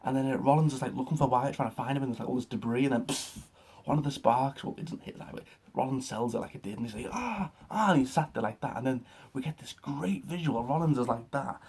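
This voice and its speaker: A young man excitedly recapping a wrestling show in a rambling, casual way, with lots of fillers and swearing. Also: medium pitch, fast, husky. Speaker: wrestling reaction vlogger.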